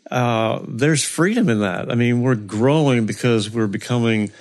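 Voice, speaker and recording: A man's voice: medium pitch, unhurried. A man co-hosting a faith-based recovery podcast, talking earnestly and quoting scripture like a preacher.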